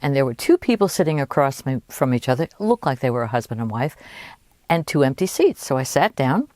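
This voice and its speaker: A woman coach telling a personal anecdote in an animated, conversational way. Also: very deep voice, fairly quick, no room sound. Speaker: holistic health coach. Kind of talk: personal storytelling.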